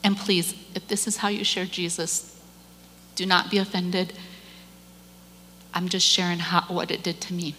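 A woman giving a church message, telling a story with animated delivery and acting out the people in it. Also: lowish voice, unhurried, pauses often, big-room sound, a little hiss or hum. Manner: animated storyteller, acts out quoted voices, repeats words. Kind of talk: sermon storytelling.

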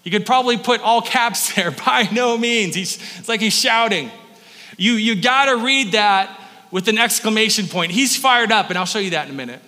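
A man preaching a conversational sermon as a pastor, teaching in a relaxed way and often restarting his sentences. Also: high voice, moderate pace. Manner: casual teaching tone with frequent restarts. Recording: long hall reverb.

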